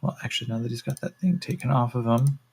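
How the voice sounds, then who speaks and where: A man running a solo tabletop role-playing game on a stream, relaxed and thinking aloud with a lot of fillers and swearing. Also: mid-range voice, fast, breathy edge. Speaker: solo game master and player.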